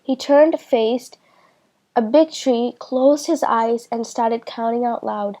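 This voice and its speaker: A woman reading a children's storybook aloud in a slow, clear way for beginners. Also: on the high side, warm tone, muffled recording. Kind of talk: children's book read-aloud.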